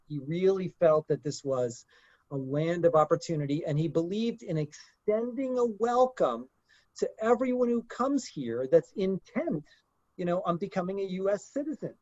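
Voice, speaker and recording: Leading a group discussion in a conversational lecture style, a man speaks hesitantly and uses many fillers. His voice is a little high with a darkish tone, and the recording is dry, dull and lo-fi with no echo.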